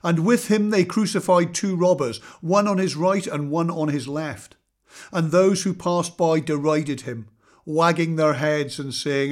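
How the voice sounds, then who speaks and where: A man reading scripture aloud in a measured, solemn way, slowing for weight. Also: on the high side. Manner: measured, solemn reading with slow dramatic pauses. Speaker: scripture reader.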